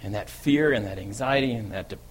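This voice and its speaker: A man's voice: fairly low pitch, a little fast, husky. A man playing a bold, eager fisherman apostle. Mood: wondering. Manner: conversational storytelling, often asks "right?". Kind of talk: first-person dramatic monologue.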